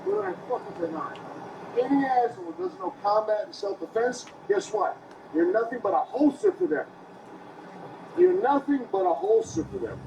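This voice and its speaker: A belligerent man at a roadside traffic stop, cursing and shouting at the officers. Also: extremely high pitch, huge pitch swings, a little fast, muffled recording. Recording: echoey, noisy roadside bodycam audio.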